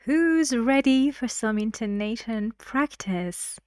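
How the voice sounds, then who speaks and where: A woman teaching intonation at a slow, deliberate pace, echoing short phrases back so learners can copy them. Her voice is dry and close, with no room sound around it. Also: fairly high pitch, animated, darkish tone, clear, resonant tone. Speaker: English teacher. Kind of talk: intonation lesson, explaining clips.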